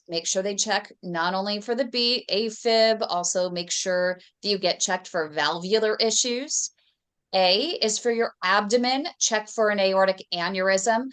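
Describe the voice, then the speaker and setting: Woman host giving clear health advice. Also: mid-range voice, fairly bright tone. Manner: clear, instructive, spells things out. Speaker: host of health advocacy show. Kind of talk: host interview and public health message.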